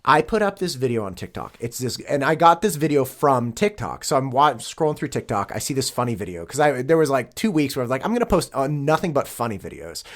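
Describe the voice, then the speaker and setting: A man's voice: medium pitch, a little fast, few pauses. A man in his late twenties, a podcast guest, chatting casually and telling stories with lots of acted-out quotes. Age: late 20s. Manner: animated storyteller, acts out quotes. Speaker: podcast guest, real estate agent.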